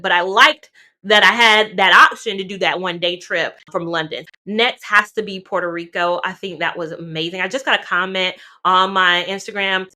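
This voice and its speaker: A woman from North Carolina chatting casually to camera as a travel vlogger, animated and talking straight to her viewers. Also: mid-range voice. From North Carolina, USA.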